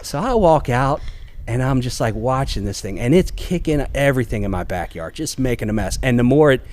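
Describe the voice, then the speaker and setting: Man in his 40s from virginia telling a wild story, laughing, acting out voices, mid pitch. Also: brisk. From Newport News, Virginia. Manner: animated storyteller, laughs often, acts out voices. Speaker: assistant police chief, guest. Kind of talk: casual storytelling interview.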